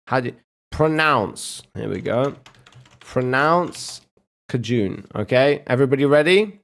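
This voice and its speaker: A man streaming casual reaction commentary, swearing and mocking as he talks. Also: mid-range voice. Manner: profane, mocking, drawn-out.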